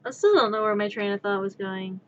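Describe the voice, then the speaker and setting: A woman's voice: mid-range voice, fairly quick, dull audio. A woman streamer chatting casually while she crafts, rambling, wry and blunt, swearing now and then. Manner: rambling, wry, swears freely, swings to loud exclamations.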